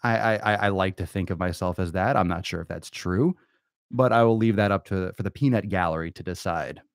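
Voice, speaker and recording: A man's voice: low voice, brisk, creaky, no room sound, studio quality. A man hosting a podcast alone, brash, crude and theatrical, swearing constantly and stretching words out for emphasis. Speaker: podcast host. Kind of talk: profane comedic podcast monologue.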